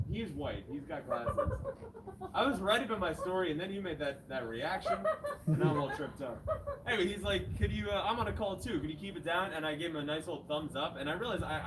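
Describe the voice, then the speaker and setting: A man's voice: fairly high pitch, expressive, fairly quick. A man co-hosting a live comedy show, bantering loosely with many restarts. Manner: rambling, playful, many restarts. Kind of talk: casual improvised banter. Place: outdoors near a fire escape. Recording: distant mic, noisy outdoor ambience.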